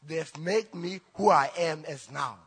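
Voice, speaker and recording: A South African man whose first language is Zulu, telling his personal testimony in church in halting English with restarts. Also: on the high side, a bit bright, slightly rough. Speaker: church member giving testimony. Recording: reverberant church hall.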